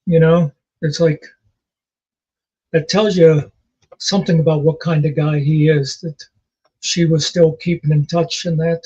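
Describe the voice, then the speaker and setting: Male co-host, husky and a bit high, loose anecdotal delivery, muffled lo-fi recording. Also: flat delivery, measured pace, pauses often, a little mellow. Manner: rambling, anecdotal, with many fillers. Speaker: podcast co-host. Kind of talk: casual chat.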